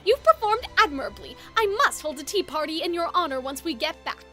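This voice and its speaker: A woman's voice: high voice, lively intonation, brisk, pushed and bright, faint music behind. A woman voicing a strict, proud young male house warden who talks in a formal, clipped, stern way.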